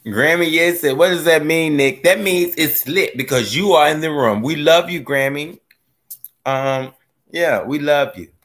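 A man hosting a gardening live stream, chatting casually as he reads viewer comments, joking and laughing, his voice swooping from low mutters up to high squeals. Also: unhurried, fairly bright tone. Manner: playful, laughs often. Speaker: gardening livestream host.

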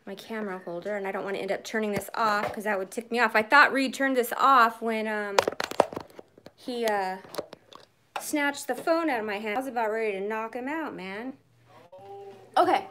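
A middle-aged woman chatting excitedly and frankly on a live phone stream from her home shed. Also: fairly high pitch, normal speed, noisy background. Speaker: purse vlogger. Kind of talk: casual live-stream chat. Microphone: phone camera.

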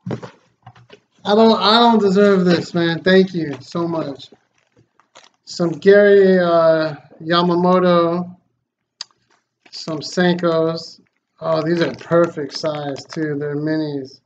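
Casual vlog host, male, slow, excitable and grateful; dull lo-fi recording. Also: fairly high pitch. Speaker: fishing channel host. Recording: slightly dull lo-fi sound, faint noise.

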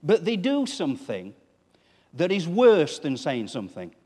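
A man's voice: a little high, wildly swooping pitch, a little slow, a little mellow, slightly rough. Man preaching a sermon in a reverberant church. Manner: conversational, asks the congregation questions. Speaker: pastor.

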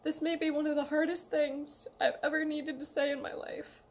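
High-voiced young woman, emotional and halting, reading a heartfelt letter aloud to her loved ones. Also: little pitch movement. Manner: emotional, hesitant, pleading, reads a letter aloud. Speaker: vlogger. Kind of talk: emotional personal confession.

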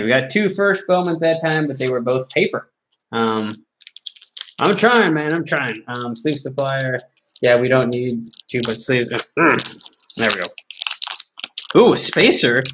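A man's voice: medium pitch, background noise. A man hosting a card break, chatting casually and joking at himself with lots of fillers as he opens packs. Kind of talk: casual live commentary while opening card packs.

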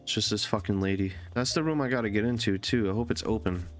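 A man giving profane, excitable let's-play commentary as a gaming YouTuber, often yelling at the game. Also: on the low side, quick pace, faint music behind.

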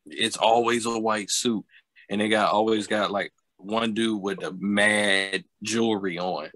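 A man's voice: on the low side, steady tone, unhurried, a bit bright, dry recording. A man co-hosting a podcast, chatting casually with lots of hesitations and fillers. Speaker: podcast co-host.

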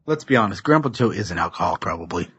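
Man, podcast co-host, husky, slightly muffled, dry sound. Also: low-pitched, very fast, dry recording. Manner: joking, animated. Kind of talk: casual chat.

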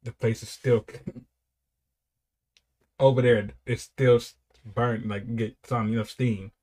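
A man's voice: medium pitch, steady tone, takes it slowly, a little mellow. A young man giving casual, rambling commentary while reacting to music, with frequent repeated praise.

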